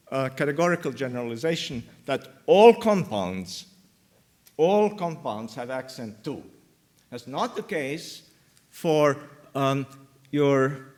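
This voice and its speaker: Male academic presenter, unhurried delivery, hesitant, frequent fillers. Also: mid-range voice. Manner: slow, many ums and uhs, pauses mid-phrase. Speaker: linguistics lecturer. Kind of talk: academic conference talk. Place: lecture hall.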